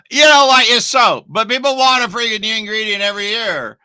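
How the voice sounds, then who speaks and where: A man's voice: high voice, fairly quick, pushed and bright, smooth, dry recording. A middle-aged man teaching online marketing on a casual live stream, rambling and emphatic, with asides to his viewers.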